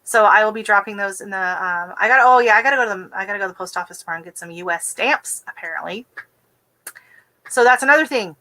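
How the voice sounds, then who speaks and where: A woman from the West Coast of the United States hosting a casual gardening livestream, talking quickly and chattily with easy giggles. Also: mid-range voice, bright, forceful tone, poor audio. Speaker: gardening channel host.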